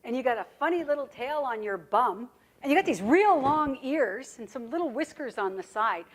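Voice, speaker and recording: A woman's voice: high-pitched, expressive, normal speed. A woman doing an eager blind snake. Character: curious blind male snake.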